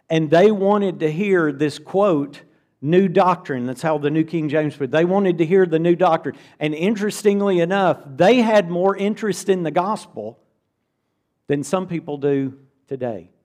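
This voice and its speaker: A man's voice: fairly high pitch, darkish tone. A middle-aged man preaching a conversational, earnest sermon to a church congregation, often repeating words for emphasis.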